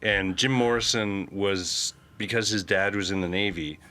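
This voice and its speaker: A man's voice: low voice, moderate pace, bright, forceful tone. A man who plays in a band, a guest in a casual chat, talking in a wry, self-deprecating way.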